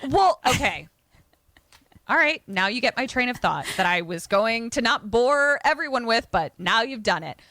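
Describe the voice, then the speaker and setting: A woman co-hosting a casual podcast, retelling a film plot in an animated way with quick asides and laughs. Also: a little high, no echo. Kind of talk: casual chat.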